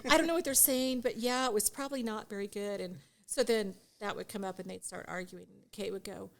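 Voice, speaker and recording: Animated storytelling middle-aged woman. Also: mid-range voice, a little fast, vocal fry. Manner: animated storyteller who laughs often and acts out dialogue. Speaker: guest, divorce mediation attorney. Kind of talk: casual podcast chat.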